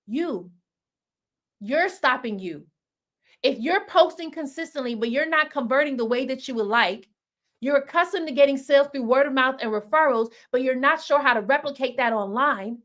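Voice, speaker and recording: A woman's voice: high voice, fairly bright tone. A woman hosting a live stream as a business coach, speaking emphatically in a preacher-like way and repeating phrases for punch. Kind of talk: motivational live-stream talk.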